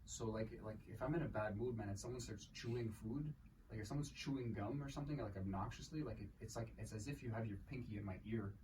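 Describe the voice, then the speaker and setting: A man's voice: lowish voice, quick pace. A young man co-hosting a podcast in casual chat, rambling and profane with frequent laughs. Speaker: podcast co-host. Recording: distant mic with background noise.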